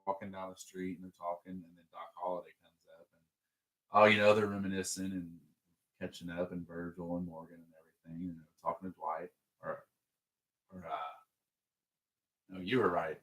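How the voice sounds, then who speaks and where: A man's voice: deep voice, level tone, normal speed, pauses often, fairly bright tone, poor audio. A man chatting casually as he recaps a movie scene with a friend, rambling and correcting himself as he goes. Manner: rambling, self-correcting, laughs along. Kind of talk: casual film recap chat.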